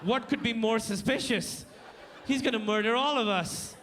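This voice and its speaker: A man from Pakistan telling a stand-up comedy story on stage, animated, breaking into panicked shouted voices. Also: extremely high pitch, normal speed, in a large hall, a little hiss or hum. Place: comedy stage before a live audience.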